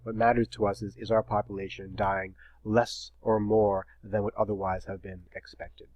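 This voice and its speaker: A middle-aged man giving a recorded lecture as a professor, talking in a brisk, wry and slightly terse way. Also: fairly low pitch, little pitch movement, a little mellow, no echo, low-quality recording.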